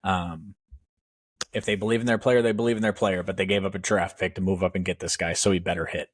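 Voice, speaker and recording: A man's voice: deep voice, steady tone, fast, no room sound. A man co-hosting a podcast, giving blunt, opinionated takes in casual sports chat. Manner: blunt, opinionated, sometimes speeds up. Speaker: podcast co-host.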